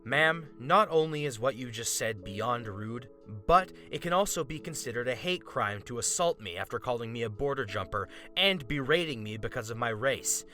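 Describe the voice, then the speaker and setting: A man reading the lines of a composed young woman police cadet, calm and firm. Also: mid-range voice, normal speed, few pauses, faint music behind.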